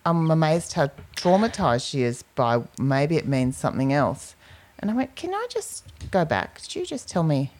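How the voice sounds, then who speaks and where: A woman with a low, deep-set voice co-hosts a relaxed podcast chat. She tells anecdotes and slips into quoted dialogue as she goes. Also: normal speed. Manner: storytelling, acts out quoted speech. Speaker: podcast co-host. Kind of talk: casual chat.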